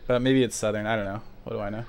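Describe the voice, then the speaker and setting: A man's voice: lowish voice, steady tone, rapid-fire, a little mellow, smooth. A man streaming a speedrun, mumbling asides between sudden frustrated outbursts at the game. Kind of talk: casual gaming commentary.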